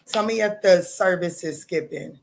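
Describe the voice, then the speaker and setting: A slight hiss or hum sits under this woman's creaky voice as she talks at a moderate pace. Hosting a tarot livestream, she's loud, bold and profane in casual chat, often laughing, her pitch jumping suddenly.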